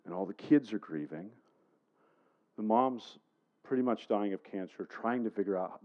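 A man's voice: on the low side, mellow, highs cut off. A man preaching a sermon, telling a personal story in a conversational way and putting questions to the congregation. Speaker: pastor.

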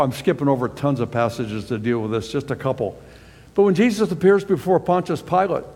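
Male pastor, high-pitched voice, earnest verse-by-verse sermon delivery, long reverb of a church hall. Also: darkish tone. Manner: earnest, reads scripture aloud and explains it verse by verse.

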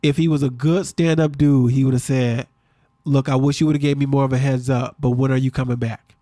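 A man co-hosting a podcast, recapping a reality show in quick, animated casual chat. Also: medium pitch, no room sound, clean studio sound. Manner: fast-talking, animated storyteller. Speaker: podcast co-host.

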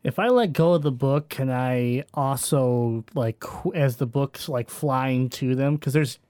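A man's voice: mid-range voice, measured pace, a little mellow, clean tone, no echo. Hesitant man thinking aloud. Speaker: player. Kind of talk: casual tabletop game chat.

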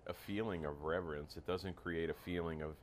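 Man, very deep voice, reflective, halting, faint noise behind. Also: steady tone. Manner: reflective, halting, repeats words while searching. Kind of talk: casual chat.

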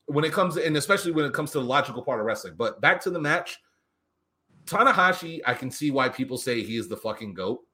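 A man casually recapping a wrestling show on a podcast, animated and profane, acting out what the wrestlers said. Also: medium pitch, quick pace. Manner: animated, profane, acts out quotes. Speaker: podcast co-host.

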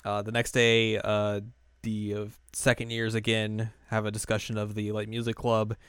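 A man casually recapping an anime episode, acting out the characters' lines in livelier, higher voices. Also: normal speed, clean tone, no room sound, clean studio sound. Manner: animated retelling, acts out characters' lines in raised voices. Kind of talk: casual chat.

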